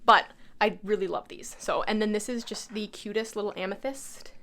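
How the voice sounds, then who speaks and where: A woman's voice: mid-range voice, steady tone, moderate pace, a bit bright, slight background noise. A young woman chatting enthusiastically in a casual vlog, showing off her tarot altar with many fillers and self-corrections. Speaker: tarot reader and channel host. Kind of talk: casual show-and-tell vlog.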